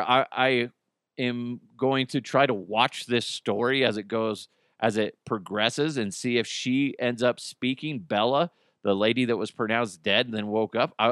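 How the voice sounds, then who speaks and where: Rambling, cursing podcast host. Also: male voice, medium pitch, fairly bright tone, no room sound, clean studio sound. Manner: rambling, profane, with many restarts. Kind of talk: casual solo podcast talk.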